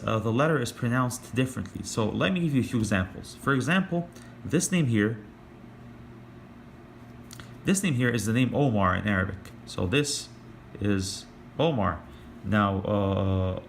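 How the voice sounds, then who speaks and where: A man in the middle of his natural pitch range gives a casual online lesson, pausing often with fillers and restarting sentences. He slows right down whenever he demonstrates a sound. A faint hum of room ambience sits behind him. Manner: hesitant, many fillers and restarts. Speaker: language teacher.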